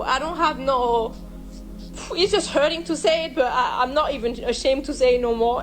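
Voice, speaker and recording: A young woman from France, telling a personal story in a vlog in an emotional, halting way with many restarts. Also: on the high side, low-quality recording. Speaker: vlogger.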